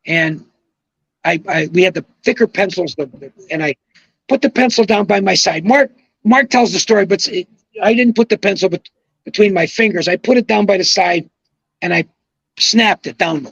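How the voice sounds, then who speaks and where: An older man telling an animated story as a podcast guest, excitable, swearing and acting out quotes. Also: high-pitched, moderate pace, creaky, no echo, muffled recording.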